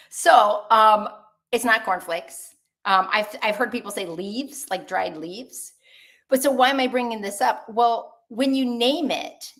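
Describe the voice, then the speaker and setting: A woman doctor giving an online webinar talk in a lively, conversational way, asking the audience questions. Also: fairly high pitch.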